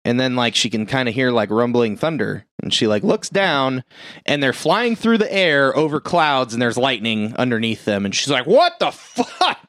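A man's voice: medium pitch, normal speed, fairly bright tone, dry recording. Man, casual chat, rambling movie recap, swears a lot, acts out quotes, dry close sound.

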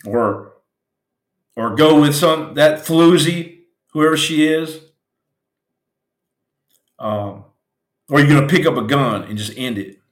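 A man's voice: fairly high pitch, slow pace, long pauses, roomy sound. A man hosting a podcast, telling stories in an impassioned, preachy motivational style that turns raw and emotional. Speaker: podcast host, former Navy SEAL.

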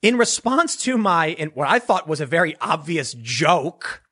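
Animated sarcastic man ranting. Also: fairly high pitch, unhurried, husky. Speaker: commentator. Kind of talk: unscripted commentary monologue.

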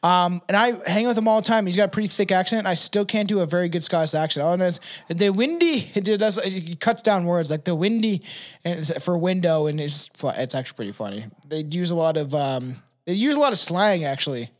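High-voiced man, laughing and swearing. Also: quick pace, few pauses. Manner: laughs often, swears, animated storytelling. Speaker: podcast co-host. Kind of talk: casual chat.

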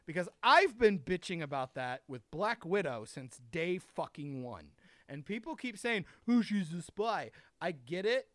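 Animated, foul-mouthed man in casual chat. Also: a little high, unhurried, dry recording, clean studio sound. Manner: animated, profane, opinionated.

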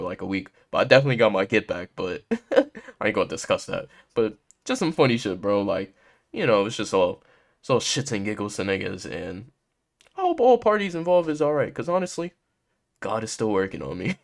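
A man's voice: on the low side, lively intonation, a little fast, vocal fry. A young man hosting a podcast, casually telling a story in heavy slang and laughing often. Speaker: podcast host.

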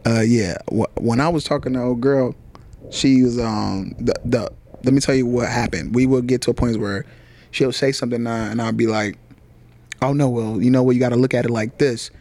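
A man chatting casually on a podcast, slangy and animated, acting out quotes as he tells stories. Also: medium pitch, moderate pace. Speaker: podcast host. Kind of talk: casual chat.

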